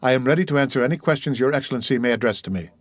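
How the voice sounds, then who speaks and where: A man's voice: mid-range voice, racing, no echo, close to an everyday voice. A man reading an audiobook, voicing a bandit messenger who speaks with deferential respect and gratitude. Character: grateful, devoted male bandit messenger.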